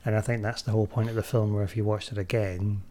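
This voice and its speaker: A man's voice: on the low side, little pitch movement, quick pace. Soothing man with a lilting Scottish accent. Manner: chatty, playful, bursts into mock shouting. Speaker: podcast co-host. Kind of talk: casual film review chat.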